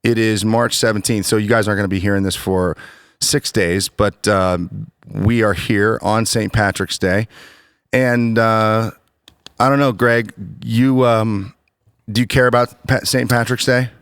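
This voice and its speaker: A male host talking through a casual church podcast, animated and chatty, often restarting his sentences. His voice sits low, and the sound is dry and close with no room around it. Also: measured pace, clear, resonant tone, no echo. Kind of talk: casual chat.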